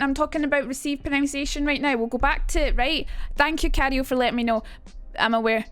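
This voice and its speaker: A woman's voice: high voice, steady tone, fast talker, hardly any pauses, a bit bright, soft background music. A young woman streamer casually teaching, chatty and rambling, reading chat aloud with casual swearing.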